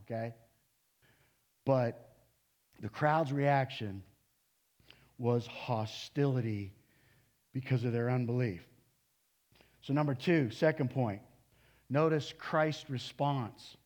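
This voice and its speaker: A medium-pitched male pastor in his sixties preaches a sermon in a conversational style, breaking out now and then into sudden loud, animated bursts.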